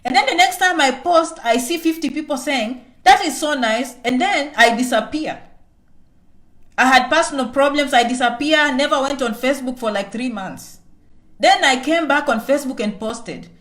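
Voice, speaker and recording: Speaking at normal speed in a high, slightly bright voice, this Kenyan vlogger delivers a motivational live-stream talk. Her manner is emphatic and repetitive, she talks about herself in the third person, and "okay?" comes up again and again.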